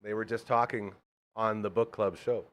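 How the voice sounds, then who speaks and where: A man hosting a podcast, bantering excitedly in casual chat. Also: lowish voice, normal speed. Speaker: podcast host.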